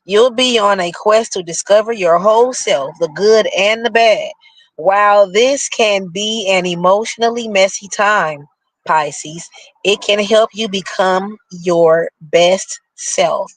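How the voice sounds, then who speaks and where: A man with a New York accent reading horoscopes aloud and breaking into animated, slangy commentary in casual chat. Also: high voice, slow pace, dry recording, low-quality recording.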